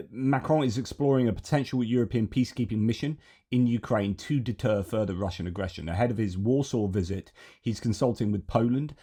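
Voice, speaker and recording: A man's voice: lowish voice, dark tone, husky. A man hosting news commentary, thinking aloud as he reads out headlines and then adds his own opinions.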